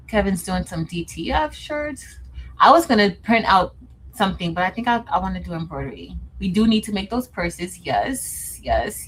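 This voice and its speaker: A woman of middle pitch chats casually on her livestream, talking straight to her viewers. She calls them "y'all" and laughs often as she talks. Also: slight background noise, low-quality recording. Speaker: livestream host.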